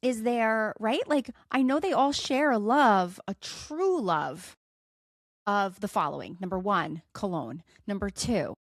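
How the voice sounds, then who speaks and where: A middle-aged woman co-hosts a podcast in easy, chatty talk. She strings her thoughts together with frequent fillers and quick, rising questions. The sound is close and dry. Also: medium pitch, animated, no room sound. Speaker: podcast co-host. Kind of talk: casual chat.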